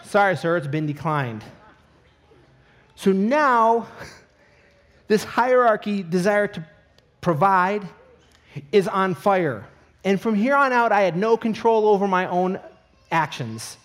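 A middle-aged man preaching a sermon, telling a comic personal story with animated asides before turning to scripture. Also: high-pitched, slow pace, pauses often. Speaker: pastor.

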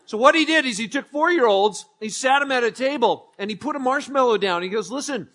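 A man preaching a sermon as pastor, conversational and joking, telling animated stories. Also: high-pitched, fast talker, few pauses.

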